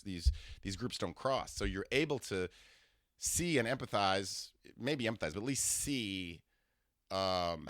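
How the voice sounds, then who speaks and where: A man's voice: sits low, a bit bright, no room sound, clean studio sound. A man hosting a comedy podcast, telling stories in a rambling way and often breaking off mid-sentence. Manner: rambling, self-interrupting storytelling. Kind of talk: comedic solo monologue.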